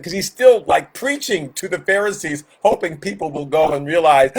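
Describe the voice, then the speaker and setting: A man teaching a Bible study as a pastor, animated and acting out the voices he quotes to online viewers. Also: a little high, normal speed, few pauses, breathy edge. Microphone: streamed to online viewers.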